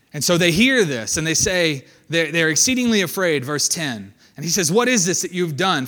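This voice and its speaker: A man's voice: on the high side, fairly bright tone. A man preaching a conversational sermon, reading scripture aloud and then commenting on it in a casual way.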